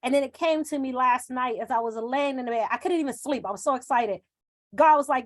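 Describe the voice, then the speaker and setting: High pitched lady coach walking a zoom group thru an exercise, keeps repeating herself. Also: brisk. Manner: coaxing, repeats phrases for emphasis. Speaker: self-confidence coach. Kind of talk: live guided exercise. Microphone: video call.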